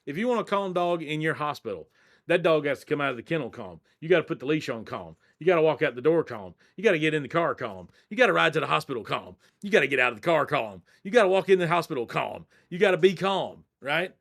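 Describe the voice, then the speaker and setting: Guy on a podcast, kinda high voice, loud and jokey, swears a bit. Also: quick pace, vocal fry. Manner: animated, blunt, jokey with mild cursing. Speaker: dog training company owner, guest. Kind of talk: energetic podcast interview.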